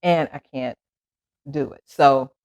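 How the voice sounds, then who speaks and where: A woman's voice: very deep voice, takes it slowly, darkish tone, clear, resonant tone. A woman in her sixties telling a personal story to her viewers in a casual, rambling way, laughing between thoughts. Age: 60s. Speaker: vlogger.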